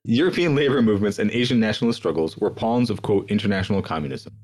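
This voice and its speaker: Ein junger Mann liest als Podcast-Host Geschichtsnotizen vor, schnell und leicht heiser, mit etwas tiefer Stimme. Immer wieder unterbricht er sich mit sarkastischen, fluchenden Kommentaren. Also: male voice, lowish voice, expressive, a little mellow. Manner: quick, sardonic, swears in asides. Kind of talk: reading history notes aloud with casual asides.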